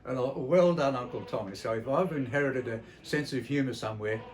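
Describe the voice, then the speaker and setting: A man's voice: mid-range voice, brisk, low-quality recording. An older Australian man giving a memorial tribute, telling family stories in a blunt, salty, reflective way with frequent hesitations. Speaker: entertainer presenting a memorial tribute.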